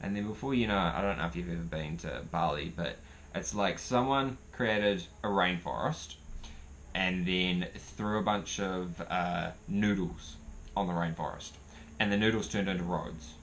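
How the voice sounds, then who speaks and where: A man's voice: sits low, normal speed, a bit bright, slight background noise. A young man telling a rambling, profane story in casual storytelling style. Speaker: vlogger.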